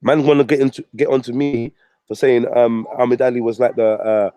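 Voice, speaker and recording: A man's voice: mid-range voice, flat delivery, normal speed, mellow, smooth, no echo. A man ranting on his channel, mocking and swearing at a rival. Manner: profane, mocking, combative. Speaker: vlogger. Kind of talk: ranting commentary.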